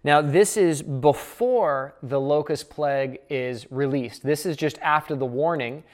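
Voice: mid-range voice, measured pace. A Bible study teacher explaining scripture in a casual, conversational way, thinking aloud while working through the passage.

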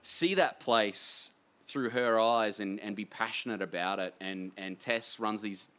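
An Australian man, an author guest in a casual interview, talking in an excitable, rambling, self-deprecating way. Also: lowish voice, unhurried, clean tone.

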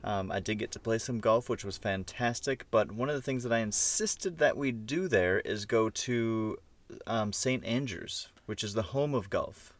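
A man's voice: lowish voice, normal speed. A man co-hosting a podcast in casual chat, jokey and self-mocking. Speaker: podcast co-host.

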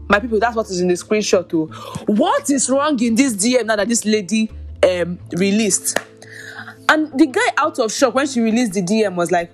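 A woman's voice: fairly high pitch, lively intonation, moderate pace, soft background music. A woman hosting a podcast, giving exasperated, incredulous commentary on online drama and talking straight to her listeners. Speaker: podcast host. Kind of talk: commentary on social media drama.

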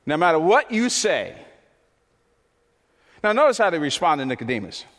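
A man preaching a sermon as pastor, impassioned and repetitive, his voice climbing toward near shouts. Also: on the high side, sing-song, normal speed, long reverb tail.

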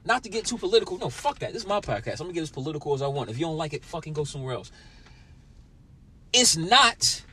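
Angry ranting man, swinging pitch. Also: pushed and bright, slight background noise. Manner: ranting, heavy swearing, talks straight to listeners. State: angry, sour mood. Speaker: podcast host. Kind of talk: profane solo podcast rant.

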